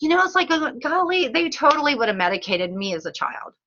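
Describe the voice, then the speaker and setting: A woman hosting a casual teleseries chat, bubbly and quick to laugh, who acts out little voices as she talks. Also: high voice, very animated, bright, forceful tone, highs cut off. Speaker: host. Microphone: phone or call line.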